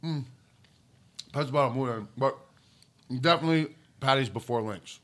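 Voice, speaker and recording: A man's voice: mid-range voice, normal speed, fairly bright tone. A middle-aged man co-hosting a podcast, trading wisecracking, profane banter in casual chat. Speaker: podcast co-host.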